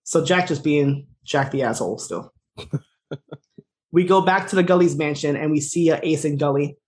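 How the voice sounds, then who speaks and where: A man's voice: fairly high pitch, moderate pace. A man co-hosting a podcast, casually retelling a TV episode with fillers and laughs. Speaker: podcast co-host recapping a TV episode. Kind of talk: casual chat.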